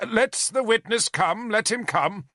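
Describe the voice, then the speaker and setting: A man voicing a brash, defiant warlord who protests loudly and mockingly. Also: high-pitched, expressive, unhurried, no echo, studio quality, pitched above the performer's own voice, full character voice. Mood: scornful.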